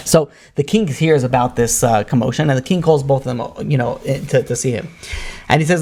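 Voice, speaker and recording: A man, a rabbi, telling a parable in a Torah lecture, acting out the characters and using many fillers. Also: quick pace. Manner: animated storyteller, acts out quoted characters with rising pitch; frequent fillers like "you know, like".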